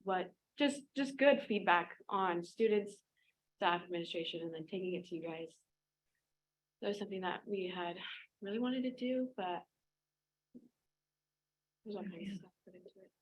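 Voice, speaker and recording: A woman's voice: medium pitch, normal speed, pauses often, rough recording. A teenage girl, a student board representative, gives a chatty report at a school board meeting, with many fillers.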